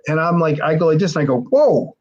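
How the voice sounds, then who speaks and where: A man in his forties spins a long, profane anecdote as a podcast guest, stumbling over restarts and acting out every exchange. His voice sits slightly high for a man. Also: rapid-fire, dull audio, a little hiss or hum. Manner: profane, animated, acts out quoted dialogue, restarts often. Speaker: podcast guest, former pro wrestler. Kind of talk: casual storytelling.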